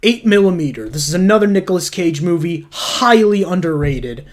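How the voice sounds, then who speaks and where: A man's voice: high voice, animated, moderate pace. A man casually reviewing movies, blunt and opinionated, swearing freely as he rants. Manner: blunt, profane, opinionated ranting.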